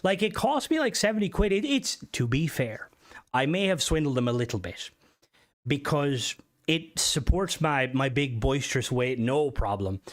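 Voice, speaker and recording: A man's voice: medium pitch, lively intonation, normal speed. Rambling, cursing man streamer. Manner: rambling, swears a lot. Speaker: livestream host. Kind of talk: casual live-stream chat.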